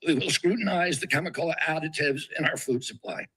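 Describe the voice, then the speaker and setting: Husky, tense male nominee. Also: a little high, brisk, fairly bright tone, rough recording. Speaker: nominee at a hearing. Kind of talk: formal prepared statement.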